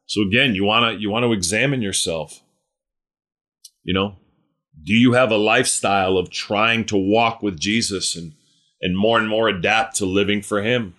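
A man delivers a sermon in an earnest, emphatic voice. He asks rhetorical questions, repeats phrases and often restarts mid-sentence. His pitch rises sharply on the words he stresses. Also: normal speed, a bit bright. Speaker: preacher.

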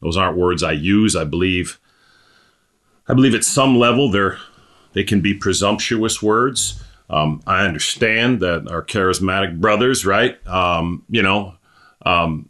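A man in his forties, possibly from Texas, praying and then preaching in a halting way, repeating words and piling on fillers before turning emphatic. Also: low voice, sharp tone. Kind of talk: prayer and sermon.

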